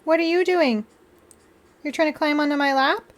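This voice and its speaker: Her voice sits high and moves at a normal speed as this young livestream host chats away. She giggles a lot and keeps breaking off from her viewers to coo at her cats.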